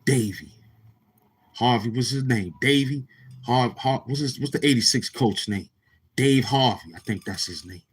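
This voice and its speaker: A Brooklyn, New York man hosts a livestream, his mid-range, slightly rough voice moving at a moderate pace. He tells rambling, profane stories and keeps throwing questions at the chat.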